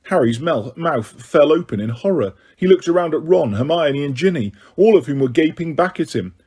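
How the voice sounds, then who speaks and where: A man narrating an audiobook in a steady, even storytelling voice. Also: fairly high pitch, moderate pace, breathy edge. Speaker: audiobook reader.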